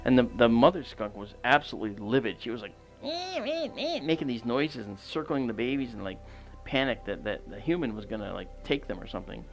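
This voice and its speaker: A man's voice: mid-range voice, quick pace, creaky, over music. A man hosting an astronomy livestream, telling a long casual anecdote outdoors at night, rambling with fillers and restarts. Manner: rambling, many fillers and restarts, animated quoted dialogue.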